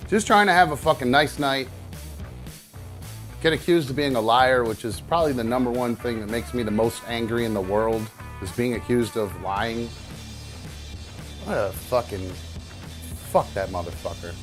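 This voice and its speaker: A man's voice: mid-range voice, moderate pace, over music. A man hosting his own talk show, ranting angrily with heavy swearing and lots of rambling fillers. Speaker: podcast host. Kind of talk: casual solo talk show.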